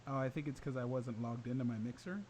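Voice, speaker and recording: Man, podcast host, casual chat, upbeat, chatty, medium pitch. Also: steady tone, fast, a little mellow, a little hiss or hum, rough recording. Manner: upbeat and chatty, laughs often. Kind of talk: casual chat while setting up a livestream.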